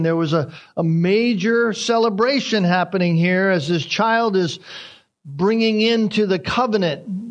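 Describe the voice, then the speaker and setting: A man preaching an expository sermon, animated, acting out the crowd's reactions as he retells the story. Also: on the high side, muffled recording.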